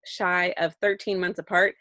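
A woman's voice: on the low side, level tone, normal speed, pushed and bright. A young woman co-hosting a podcast, chatty and playful, giggling between remarks. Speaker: podcast co-host. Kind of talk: casual chat.

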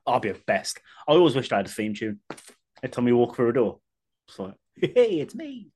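A man's voice: medium pitch, animated, fast talker, a little mellow, slight background noise. A man, co-hosting a podcast in casual, chatty talk with laughter and swearing. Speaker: podcast co-host. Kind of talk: casual chat.

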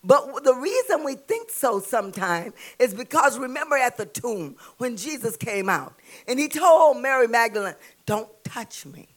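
A woman preaching a sermon with a Southern US accent, calling out to the congregation and building to shouts. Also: a little high, big pitch swings, normal speed. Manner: call-and-response preaching, rising to shouts.

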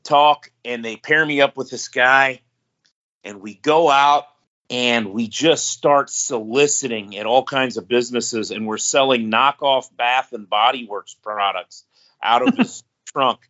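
Bright-voiced man telling a rambling story. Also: medium pitch, a little slow. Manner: rambling, laughs mid-story. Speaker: podcast co-host. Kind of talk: casual storytelling chat. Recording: dull lo-fi podcast audio.

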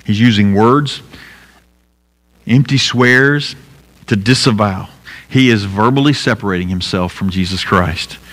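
A man's voice: measured pace, pauses often, a bit bright. Earnest male preacher in echoing hall. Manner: earnest preaching, rising to emphatic peaks and dropping low. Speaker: pastor. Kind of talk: sermon. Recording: long hall reverb.

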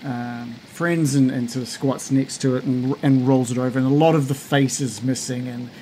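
Halting game master narrating a scene. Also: male voice, mid-range voice, fairly even intonation, mellow, slight background noise, low-quality recording. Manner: halting, with many fillers and restarts.

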